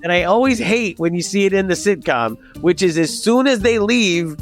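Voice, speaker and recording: A man in his fifties telling a comic personal story, animated and profane, acting out the people in it. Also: high-pitched, normal speed, faint music behind. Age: 50s. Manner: animated, profane, acts out quoted voices. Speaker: storyteller guest.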